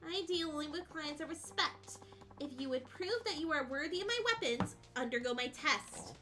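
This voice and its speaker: A woman's voice: high voice, expressive, moderate pace, over music, voice pushed down. A woman voicing a stern male weapons dealer from a video game, speaking formally and haughtily as she reads the dialogue aloud. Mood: haughty.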